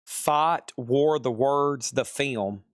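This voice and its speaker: Southern guy selling records on a live stream, smooth clear voice, dry close sound. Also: medium pitch, extremely slow, no room sound. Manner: chatty, repeats prices and buyer names.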